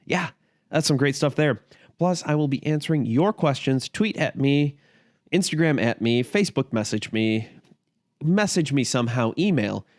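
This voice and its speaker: A man's voice: medium pitch, animated, moderate pace, dry recording, clean studio sound. A man hosting a podcast in a casual, chatty, easygoing way. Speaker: podcast host.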